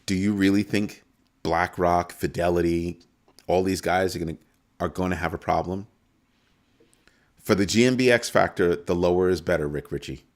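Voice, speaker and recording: Deep-voiced man hosting a crypto show. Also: normal speed, pauses often. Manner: animated, swings between calm and mock panic. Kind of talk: casual live-stream commentary.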